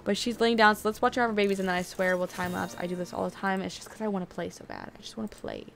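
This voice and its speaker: Young woman, game streamer, casual commentary, chatty, excitable, quickly frustrated, mid-pitched voice, faint music behind. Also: vocal fry.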